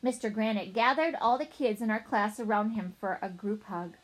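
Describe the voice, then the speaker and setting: A woman narrating a children's storybook in a playful, animated way as a young boy narrator. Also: mid-range voice, moderate pace, low-quality recording. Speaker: audiobook narrator.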